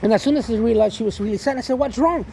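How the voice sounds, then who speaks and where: A man's voice: sits high, very fast, creaky, warm tone, slight background noise. A man and father telling a rambling spiritual story about his daughter, with many restarts and repeated endearments. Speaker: vlogger and father.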